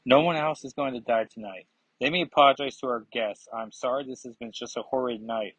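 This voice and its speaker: A man reading as a calm commanding woman telepath. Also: mid-range voice, a little fast, breathy edge, dry recording, poor audio.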